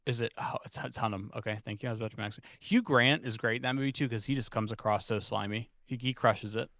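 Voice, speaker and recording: A male podcast co-host in loose, casual chat, rambling from one joke to the next and laughing often. His voice sits at a middle pitch. The sound is dry and close to the mic. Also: fairly bright tone, no echo. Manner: joking, rambling, quick to laugh.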